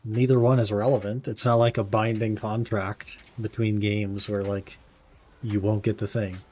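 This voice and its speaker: A man's voice: lowish voice, flat delivery, moderate pace, a little mellow. Laid-back young male game streamer. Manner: laid-back, says "man" often, answers chat. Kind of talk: casual live-stream chat while gaming.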